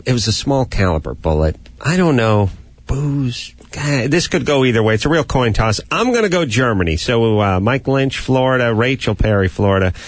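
A man's voice: mid-range voice, no room sound. A man hosting a talk show, bantering in a wry, sarcastic way. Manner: wry, sarcastic, quick quips. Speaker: radio show host.

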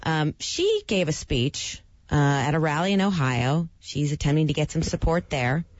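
Wry female co-host, lower voice. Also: very animated, moderate pace, no echo. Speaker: talk show co-host, news reader. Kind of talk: casual chat reading news items. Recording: dull dry lo-fi broadcast sound.

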